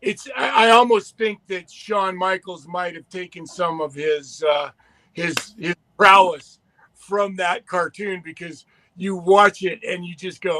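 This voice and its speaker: High-voiced enthusiastic man, dry sound. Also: measured pace, fairly bright tone, no room sound. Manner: enthusiastic, rambling storyteller with restarts. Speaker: podcast co-host. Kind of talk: casual chat.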